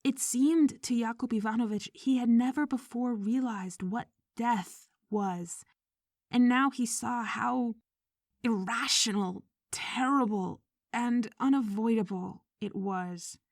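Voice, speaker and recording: A woman reading a short story aloud in measured audiobook narration, sometimes dropping to a whisper. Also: on the high side, no room sound, clean studio sound. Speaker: audiobook reader.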